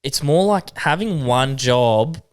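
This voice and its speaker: A laid-back Australian man co-hosts a podcast, laughing often and cursing casually. His voice is smooth and clear, with an ordinary pitch. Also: lively intonation, slow. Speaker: podcast co-host.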